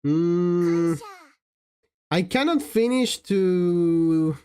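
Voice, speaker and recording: Giggly woman streamer, slow and lively. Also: fairly low pitch, slight background noise. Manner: giggly, laughs often while answering chat. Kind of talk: casual live-stream chat.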